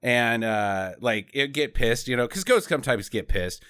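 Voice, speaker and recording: A man's voice: mid-range voice, expressive, normal speed, a bit bright, clear, resonant tone. A man co-hosting a podcast, giving a rambling, profane, casual recap of a bad movie. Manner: rambling and profane, laughs often. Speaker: podcast co-host.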